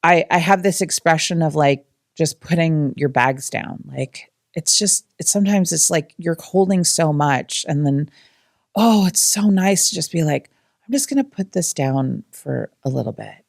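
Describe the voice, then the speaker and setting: A woman co-hosting a podcast, talking casually and haltingly with many fillers. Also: deep voice, animated, creaky, darkish tone, no room sound, clean studio sound. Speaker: podcast co-host. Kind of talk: casual conversation.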